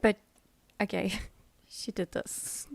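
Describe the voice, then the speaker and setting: A woman's voice: slow, darkish tone. A middle-aged woman, hosting a casual livestream chat, rambling and laughing with fillers. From South Africa. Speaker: livestream host.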